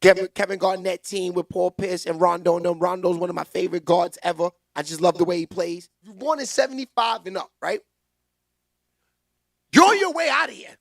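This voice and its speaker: A man with a very high, gravelly voice riffs on sports in a loose, slangy vlog rant, laughing as he goes. His voice is recorded close and dry, with no room echo. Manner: animated, slangy, quick to laugh. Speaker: vlog host. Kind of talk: casual sports commentary.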